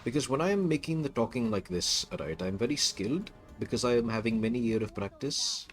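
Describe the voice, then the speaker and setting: A man's voice: medium pitch, big pitch swings, fairly quick, faint music behind, lightly acted. A man putting on a broken-English Indian haggler. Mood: mocking. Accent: put-on Indian English. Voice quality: broken grammar, sing-song phrasing. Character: mock Indian man haggling over a divorce deal.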